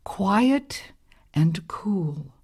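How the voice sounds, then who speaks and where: A woman's voice: medium pitch, very animated, very slow, gravelly, a little mellow, breathy edge, full character voice. Woman voicing weary old Hina. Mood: content. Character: tired old island woman, weary of work, gentle.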